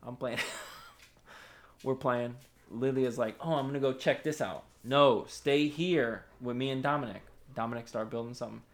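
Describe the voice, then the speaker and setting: A man's voice: medium pitch, normal speed. A man in casual podcast chat, telling gaming stories with lots of laughing and swearing. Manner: laughs often, swears, animated storytelling.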